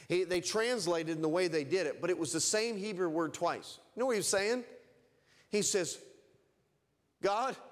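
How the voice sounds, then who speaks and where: A man's voice: high voice, big-room sound. A man preaching a sermon as pastor, with fervent emphasis that rises and falls.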